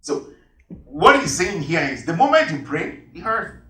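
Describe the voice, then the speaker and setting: A man's voice: on the high side, very animated, unhurried, pushed and bright, far from the mic. Emphatic preacher man in an echoey hall. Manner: emphatic, repeats key phrases. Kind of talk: sermon with Bible reading.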